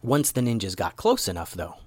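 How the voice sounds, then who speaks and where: A man narrates a children's adventure story with an expressive, storyteller's delivery. His pitch moves freely and animatedly, and the recording is close and dry. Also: brisk, breathy edge, no room sound.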